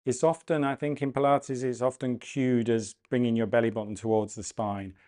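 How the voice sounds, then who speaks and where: A man leading a guided breathing and mobility class, cueing calmly and gently, often slowing down and repeating phrases. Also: medium pitch. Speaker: movement and breathwork instructor. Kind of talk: guided exercise class instruction.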